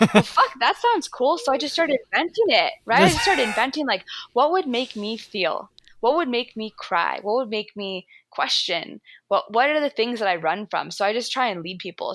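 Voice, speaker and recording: An American woman in a podcast chat, lively and quick to laugh, dropping the odd curse. Her voice sits at a middle pitch for a woman. The sound is dry and close, with no room echo. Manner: animated, swears freely, laughs often. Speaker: guest, yoga instructor. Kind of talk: podcast conversation.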